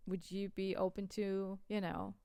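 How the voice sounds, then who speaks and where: A woman from Iceland co-hosts a casual podcast chat and tells her stories with bursts of laughter and acted-out quotes. Her voice is smooth and resonant with a gravelly edge. The recording is close and dry. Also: mid-range voice, unhurried, no echo. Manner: lively, laughing storyteller, acts out her own quotes. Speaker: podcast co-host.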